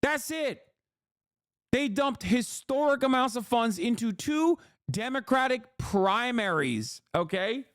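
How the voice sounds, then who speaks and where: A man's voice: very high-pitched, lively intonation, slow pace, fairly bright tone, clear, resonant tone, dry recording, studio quality. A political streamer, a man, delivering heated, profane live-stream commentary.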